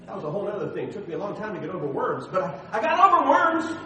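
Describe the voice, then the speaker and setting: A middle-aged man preaching a sermon as the pastor, telling personal stories with animated, self-deprecating humor. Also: sits high, very fast, heavy reverb, far from the mic, low-quality recording.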